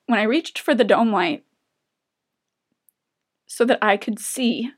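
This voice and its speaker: A young woman vlogger telling a personal story to camera in an earnest, open way, often breaking off and restarting, and growing emotional as she talks. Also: a little high. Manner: earnest, halting, with many restarts; openly emotional. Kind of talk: personal confessional talk to camera.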